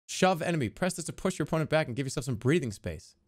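A man streaming a video game in casual, jokey commentary, reading the on-screen text aloud and reacting with excitement. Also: fairly high pitch, fast.

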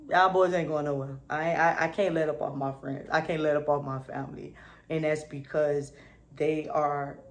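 A woman vlogging to camera in a casual, upbeat, slangy way, often asking "you feel me". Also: low voice. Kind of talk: casual motivational talk to camera.

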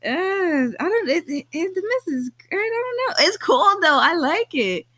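A young woman co-hosting a movie podcast, chatting in an animated, giggly way and often trailing off mid-thought. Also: extremely high pitch, normal speed, no echo, clean studio sound. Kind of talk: casual movie discussion.

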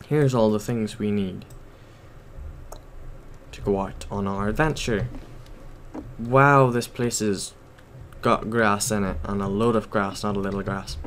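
A man's voice: on the low side, slight background noise. A man giving casual gameplay commentary while playing at his computer, rambling and hesitant, full of ums and self-corrections. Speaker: gaming YouTuber.

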